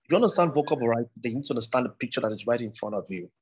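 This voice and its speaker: Husky-voiced man teaching an online class. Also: mid-range voice, expressive, racing. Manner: explanatory, repetitive with restarts. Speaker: public speaking teacher.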